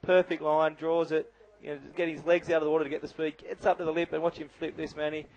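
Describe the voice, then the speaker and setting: A man's voice: a little high, little pitch movement, fast, darkish tone, low-quality recording. A man giving live color commentary on a bodyboarding contest, chatty and analytical with lots of "you know".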